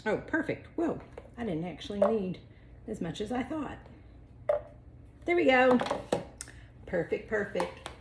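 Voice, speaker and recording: A woman's voice: medium pitch, big pitch swings, a little slow, creaky, long pauses, background noise. A woman chatting casually while preparing food in her home kitchen, lighthearted and laughing easily, saying "y'all.". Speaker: vlogger and wellness coach.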